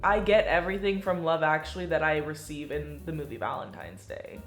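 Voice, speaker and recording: A woman from Texas chatting casually, animated and playful, quick to laugh. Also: low-pitched, faint music behind. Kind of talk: casual chat. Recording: roomy echo.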